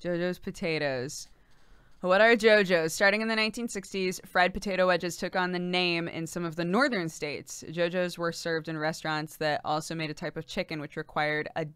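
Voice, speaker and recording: Bright-voiced woman livestream co-host. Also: on the low side, fairly even intonation, normal speed, clean tone, dry recording, clean studio sound. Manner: giggly and playful, reads bits of articles aloud. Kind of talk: casual chat, reading aloud.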